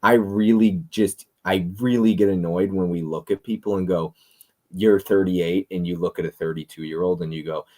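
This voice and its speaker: Deep-voiced blunt man in his thirties. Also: steady tone, moderate pace, mellow. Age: 30s. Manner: blunt, opinionated, swears freely. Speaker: podcast host. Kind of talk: casual chat.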